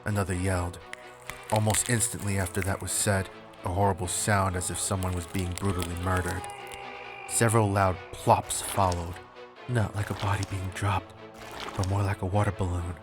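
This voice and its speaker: A man with a low voice narrates a horror story in a steady, suspenseful way. Loud music plays underneath his reading. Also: moderate pace.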